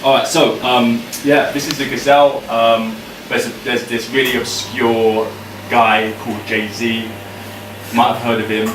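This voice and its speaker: A man's voice: mid-range voice, level tone, unhurried. A man from Britain, a poet, chatting with a live audience and performing his poems with a rhythmic delivery. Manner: chatty and self-deprecating, then rhythmic declaiming. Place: live event venue. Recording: echoey room, distant mic, noisy.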